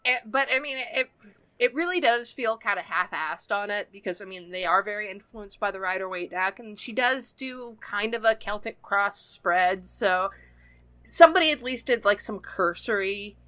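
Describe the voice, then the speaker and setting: A woman co-hosting a podcast in casual chat, relaxed and thinking aloud. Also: medium pitch, moderate pace. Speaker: podcast co-host.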